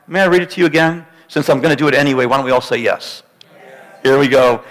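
Male pastor, sermon; bright, forceful tone, emphatic and dramatic with humorous asides; church hall reverb. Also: medium pitch, fast talker. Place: church sanctuary.

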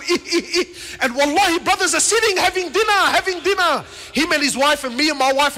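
A man preaches with fervour in a very high, bright, forceful voice, jumping from shouted appeals to quiet asides and acting out the people in his stories. His lecture rings through a large hall with a long echo. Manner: swings between shouted appeals and low asides; acts out dialogue in storytelling. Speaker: Islamic preacher. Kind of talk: passionate religious lecture. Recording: reverberant hall.

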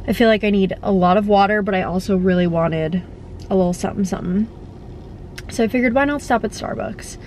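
A woman's voice: mid-range voice, fairly quick, darkish tone, a little hiss or hum. Chatty woman vlogging from her car. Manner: chatty, rambling. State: slightly stuffy. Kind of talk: casual vlog chat. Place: in a car at a drive-thru.

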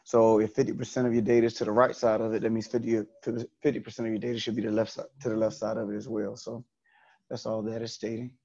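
A man's voice: fairly low pitch, flat delivery, fast talker, a little mellow, muffled recording. A man teaching an online statistics class, explaining step by step and repeating key points.

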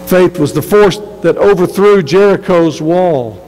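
Guy pastor preaching, earnest and emphatic, keeps restarting words, kinda high voice, big echoey church. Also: a little slow, a little mellow, a little hiss or hum. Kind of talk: sermon.

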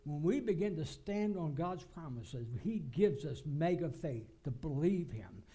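Male pastor, high voice, emphatic sermon delivery with repetition. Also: animated, measured pace, dark tone, breathy edge. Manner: emphatic preaching, repeats phrases for stress. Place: church.

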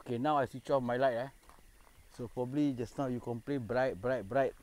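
A man's voice: mid-range voice, fairly even intonation, brisk, darkish tone. Jokey Singaporean man streaming from a night park. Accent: Singaporean English. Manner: jokey, banters with spirits, mixes in Malay phrases. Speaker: paranormal explorer live-streaming. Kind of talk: casual live-stream chat. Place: dark park outdoors at night.

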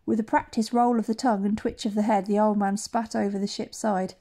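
A woman reads a novel aloud in a mellow, darkish voice. She tells it plainly and now and then trips over a word and restarts it. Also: mid-range voice, level tone, a little fast, hardly any pauses. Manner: reads with small slips and self-corrections. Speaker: audiobook reader. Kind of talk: amateur audiobook narration.

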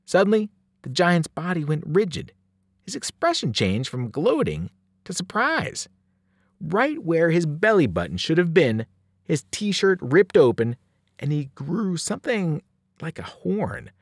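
A male teacher reads a novel aloud with dramatic flair, his pitch leaping and falling across every sentence. The recording is close and dry, with no room sound. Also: unhurried, dry recording. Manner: animated, dramatic storytelling. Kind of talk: novel read-aloud narration.

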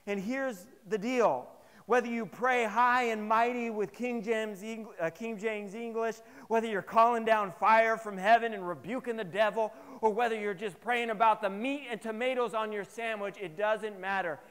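Male pastor, fairly high voice, lively and funny storytelling sermon, long chapel reverb. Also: moderate pace, clean tone. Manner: animated, humorous storytelling to the congregation. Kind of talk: sermon with personal stories. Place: chapel service.

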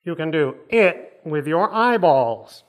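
A man's voice: a little high, very animated, slow pace. A man preaching a sermon in a church, telling a joking story with lots of energy. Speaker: pastor. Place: church auditorium.

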